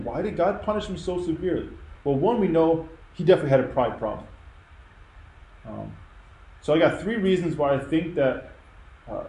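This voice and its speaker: A man's voice: fairly high pitch, darkish tone, roomy sound, rough recording. A man preaching a sermon, earnest and emphatic in a conversational way. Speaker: pastor. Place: church.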